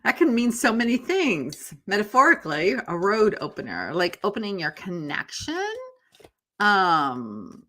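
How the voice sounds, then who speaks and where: Bright-voiced woman chatting on a live stream. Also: medium pitch, wildly swooping pitch, measured pace. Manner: chatty, rambling, talks to viewers by name, yawns often. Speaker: tarot reader and live-stream host. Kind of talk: casual chat on a live stream. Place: home office.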